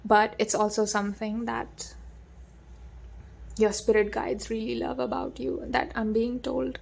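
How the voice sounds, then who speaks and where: A woman giving a gentle, reassuring tarot reading, talking with many fillers and restarts. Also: a little high, little pitch movement, unhurried, vocal fry. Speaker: tarot reader. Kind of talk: soft-spoken tarot reading.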